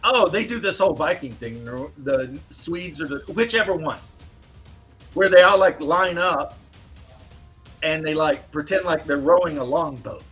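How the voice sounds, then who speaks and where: Guy on a stream telling stories, swears a lot, kinda high voice, faint music behind. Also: lively intonation, measured pace, a bit bright. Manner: loose, profane, laughs while telling stories. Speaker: stream host. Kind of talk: casual chat.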